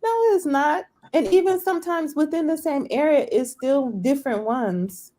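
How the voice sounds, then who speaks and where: A woman's voice: sits high, normal speed, dark tone. A woman, talking emphatically in a casual group chat. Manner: emphatic, backchannels a lot. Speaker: co-host.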